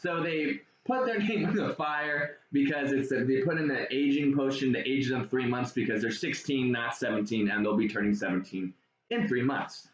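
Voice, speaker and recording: A man's voice: mid-range voice, moderate pace. Rambling man reviewing a movie, echoey room. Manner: rambling, retells scenes with many fillers. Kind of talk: casual chat. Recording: echoey room, dull lo-fi sound, faint noise.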